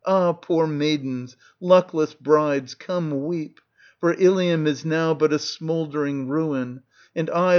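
A man reading a verse tragedy aloud as an audiobook narrator, in a measured, mournful recitation. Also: a little high, darkish tone, dull audio.

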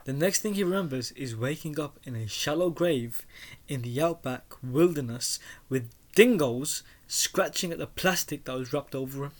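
A young co-host of a casual chat, playfully telling a true story and dropping to a hushed voice for the dramatic parts. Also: medium pitch, normal speed. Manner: playful, teasing, drops to a hushed voice for story beats.

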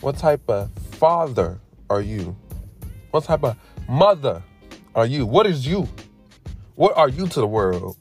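A man hosting a casual podcast monologue, animated and preachy, firing off rhetorical questions in slangy talk and drifting into tangents. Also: mid-range voice, a little slow, long pauses, faint music behind. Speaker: podcast host.

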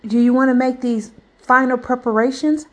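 A pushy, impatient male telemarketer, put on by a woman. He talks high and insistent, like a salesman losing his patience. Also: level tone, normal speed, natural voice. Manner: exasperated, insistent.

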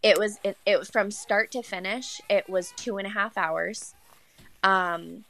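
A young woman telling a personal story as a podcast guest, chatty and animated, full of likes and self-corrections, acting out the voices of the people she quotes. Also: a little slow. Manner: animated, acts out quoted voices with big pitch jumps. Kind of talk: casual storytelling.

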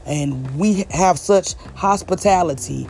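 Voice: mid-range voice, slow, creaky, darkish tone, slight background noise. A vlogger from the American South with a Southern accent, delivering a blunt, emphatic opinion rant straight to the audience and hammering points home by repeating them. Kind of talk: direct-to-camera opinion rant.

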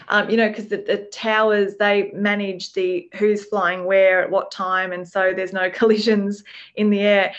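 A woman's voice: medium pitch, muffled recording. A woman hosting a podcast interview, encouraging and enthusiastic. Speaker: podcast host.

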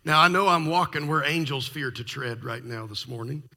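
A man's voice: fairly high pitch, moderate pace, creaky, sharp tone. A male pastor giving a sermon, telling a story with jokes and asides. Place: large church sanctuary. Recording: long reverb of a large hall.

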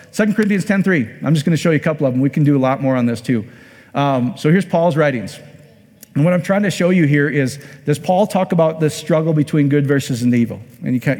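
A man's voice: mid-range voice, darkish tone. A man from Iowa preaching a conversational sermon as a pastor. He often repeats words and asks the audience questions. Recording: long hall reverb.

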